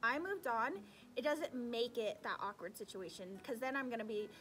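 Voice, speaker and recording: A woman's voice: fairly high pitch, moderate pace, slight background noise. A young woman, a sixth-grade teacher, talking casually to camera with advice and acting out her students' voices. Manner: animated, acts out her students' voices, drops into asides.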